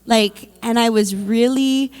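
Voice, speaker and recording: A woman's voice: on the high side, fairly even intonation, takes it slowly, a little mellow. A woman, a mother, sharing a personal faith testimony at a church service in a candid, conversational way, with frequent "like" and "um".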